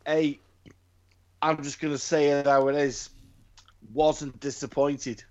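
A man's voice: on the high side, flat delivery, slow, darkish tone. A man, co-hosting a podcast in casual chat, ranting and swearing freely. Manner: profane, ranting. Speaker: podcast co-host. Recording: slightly dull lo-fi sound.

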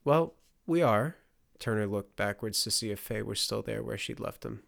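A man narrating a fantasy audiobook in a steady storytelling delivery. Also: fairly low pitch, brisk, vocal fry.

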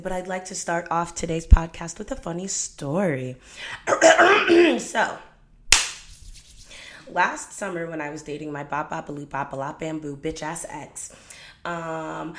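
A woman in her twenties talks straight to her listeners as a podcast host, her voice sitting a little low. She tells stories casually and profanely, getting loud and animated, then dropping to a quieter tone. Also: roomy sound. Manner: profane, animated storytelling with dramatic swings in volume. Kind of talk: casual storytelling monologue.

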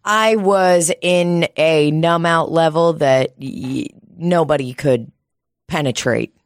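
A woman with a lowish voice, chatting bluntly and swearing freely on a comedy podcast. The recording is close and dry, with no room sound. She tells her stories in loose, casual bursts. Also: slow pace, no echo. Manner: profane, blunt storytelling. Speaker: podcast co-host.

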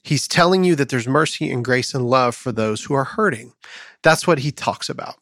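A man's voice: medium pitch, lively intonation, moderate pace, gravelly, a bit bright, dry recording, studio quality. A man hosting a podcast, chatting casually and telling jokes in an upbeat storytelling manner. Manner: upbeat, storytelling with acted quotes. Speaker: podcast host. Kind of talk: casual chat and joke telling.

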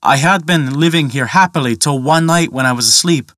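A timid duck recounts her fears in an anxious, confiding way, voiced by a man reading. The tone is bright and forceful, a little high, and recorded dry and close. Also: brisk, no echo, close to an everyday voice. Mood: fearful. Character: timid female duck, frightened and pleading.

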